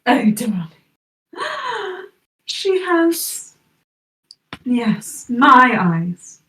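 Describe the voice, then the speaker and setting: A woman's voice: on the high side, measured pace, fairly bright tone. A woman voicing a doting fey grandmother who gushes and calls everyone darling. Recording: roomy, distant mic.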